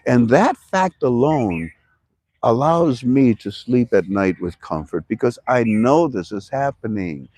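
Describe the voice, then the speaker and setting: A man from Ohio, talking to camera about currency in a rambling, animated way and sometimes shouting for emphasis. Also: medium pitch, unhurried, no echo. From Toledo, Ohio. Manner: animated, shouts for emphasis, talks to himself in two voices. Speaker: currency commentary vlogger. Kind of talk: casual rambling talk to camera.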